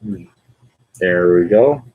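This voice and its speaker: A man's voice: deep voice, lively intonation, slow, phone-quality sound. A man on a casual live stream who thinks aloud as he assembles a toy figure. He rambles and fills his talk with "like" and "and all that".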